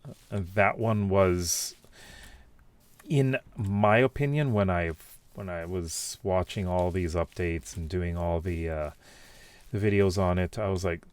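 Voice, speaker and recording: A man's voice: deep voice, steady tone, takes it slowly, clean tone. A man casually reading out and reacting to viewer comments, rambling with many fillers and restarts. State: has the hiccups.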